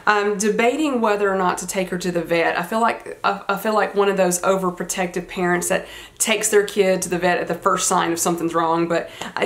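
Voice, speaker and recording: A woman in her forties with a congested voice from a cold chats casually to her viewers. She tells her stories in a loose, meandering way, drifting off on side details. Her pitch sits in an ordinary middle range. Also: fairly bright tone. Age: 40s. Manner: chatty, meandering storytelling. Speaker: fashion vlogger. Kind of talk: casual chat.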